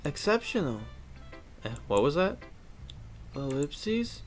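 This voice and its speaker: A timid, bookish teen girl from a visual novel game, speaking a little high and stumbling over her words, as a man voices her. She hesitates often and sounds unsure of herself. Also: sing-song, takes it slowly, faint music behind. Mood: nervous. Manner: hesitant, stammering.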